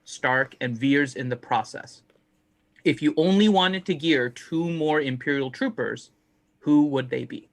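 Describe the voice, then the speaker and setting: A man hosting a live charity stream who gives shout-outs and reads viewer questions. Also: medium pitch, a little slow. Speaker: stream host. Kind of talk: casual stream chat.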